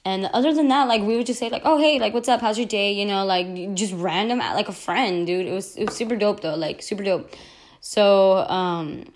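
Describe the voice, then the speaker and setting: A woman's voice: medium pitch, moderate pace. A young woman hosting a podcast, telling a casual storytime with lots of fillers and restarts. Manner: rambling, many "like" fillers and self-corrections. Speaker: podcast host.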